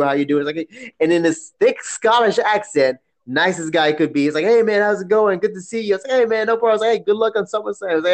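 A man co-hosting a casual chat, telling stories with frequent laughter. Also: a little high. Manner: laughing often, animated storytelling.

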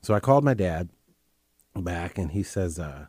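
A very deep, mellow-voiced man, heard dry and close as he earnestly recounts his life. He talks candidly and keeps circling back over his own phrases. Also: animated, normal speed, husky, no room sound. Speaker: interview guest. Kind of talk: telling his life story.

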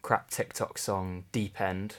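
A man's voice: deep voice, flat delivery, takes it slowly, fairly bright tone. A young man from England hosting a casual podcast, chatty with dry, wry humour. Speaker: podcast host. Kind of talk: casual chat.

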